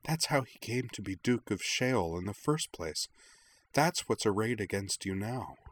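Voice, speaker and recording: A man voicing a frightened young woman in pain, speaking in a hushed, strained way. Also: on the low side, lively intonation, unhurried. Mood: hushed dread. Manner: hushed, strained, breaking into pained cries. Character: frightened pained young woman warning a friend.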